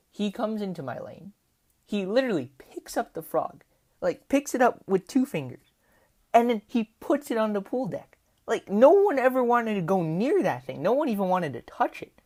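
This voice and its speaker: A woman telling a rambling, casual story over gameplay as a commentator, with lots of "like" and "right?". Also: medium pitch. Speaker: gaming commentator.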